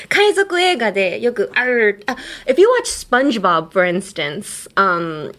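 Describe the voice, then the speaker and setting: A woman's voice: a little high, sing-song, slow pace, a bit bright. A woman hosting a podcast, teaching English pronunciation in a casual, playful way and laughing often. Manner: playful, laughs often, explains with silly examples.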